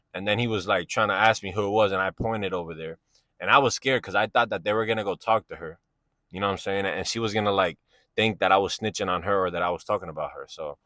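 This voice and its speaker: Casual storyteller, male, low-pitched, rambling slang delivery, dry close sound. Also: sharp tone, no echo. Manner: slangy, rambling, keeps asking "you know what I'm saying". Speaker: vlogger telling a personal story.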